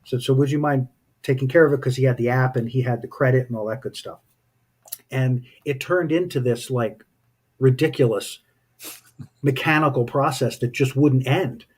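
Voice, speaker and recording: A man's voice: medium pitch, normal speed, breathy edge. A man speaking as a spiritual teacher in casual, reflective talk, telling personal stories in a thoughtful way. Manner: thoughtful, anecdotal storytelling.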